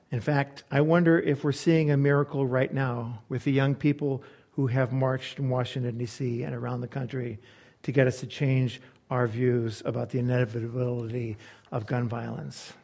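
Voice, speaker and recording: A male pastor delivering a sermon in a mid-pitched voice. He tells a story at an unhurried, earnest pace and lets his voice drop soft and quiet when he reflects. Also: fairly even intonation, creaky. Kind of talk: sermon with a read-aloud story.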